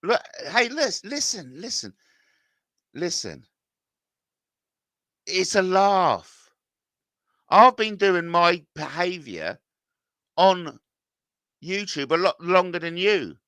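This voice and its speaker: A man's voice: sits high, very animated, drawn-out words, pauses often, pushed and bright, clean tone, no room sound, clean studio sound. A middle-aged man reading out viewer comments and ranting back, agitated and swearing, his voice climbing when confronted.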